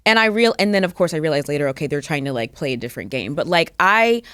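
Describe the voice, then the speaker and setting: Animated woman guest on a podcast. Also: sits low, fast talker, smooth, dry recording, studio quality. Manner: animated, storytelling with quoted asides. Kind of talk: casual chat. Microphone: studio microphone.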